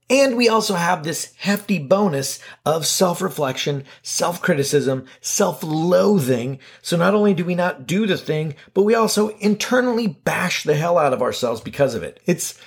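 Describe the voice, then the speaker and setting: A man hosting a casual self-help video, talking to camera in an animated, self-mocking way with light swearing and big playful swings in pitch. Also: breathy edge. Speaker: video host.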